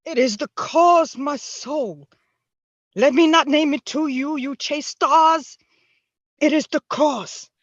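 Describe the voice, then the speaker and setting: A woman reading the part of a grave male general in torment, slow and solemn, in an amateur play reading. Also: sits high, no room sound, muffled recording. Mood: grave, brooding.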